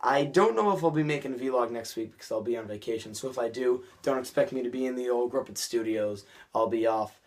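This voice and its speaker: A man's voice: mid-range voice, brisk, few pauses. A young man vlogging an episode review in a rambling, chatty way, full of restarts. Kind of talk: casual episode review vlog.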